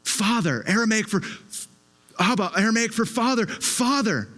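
A man's voice: high voice, animated, normal speed, bright, forceful tone. A man preaching a sermon with an impassioned, emphatic delivery, often repeating his words as he presses a point.

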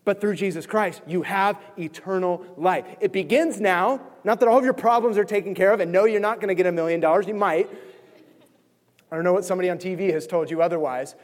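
A man pastor preaching a sermon with passion, swinging from near-yelling to quiet intensity. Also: sits high, big-room sound. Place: church sanctuary.

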